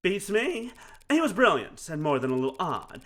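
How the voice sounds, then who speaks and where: A wry young woman detective from a story game quips and needles the people around her, as a man reads her part. The voice sits slightly high, bright and animated. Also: moderate pace. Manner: dry and teasing.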